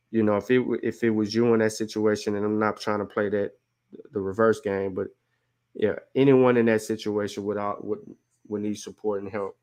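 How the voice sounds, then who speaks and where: Low, even-toned man hosting a show. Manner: earnest, rambling with many fillers. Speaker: show host. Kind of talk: casual livestream talk.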